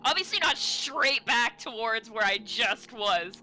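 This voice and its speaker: A woman's voice: fairly high pitch, expressive, unhurried, pushed and bright, faint music behind, poor audio. A woman playing a tabletop game, chatting casually, laughing and swearing. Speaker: player.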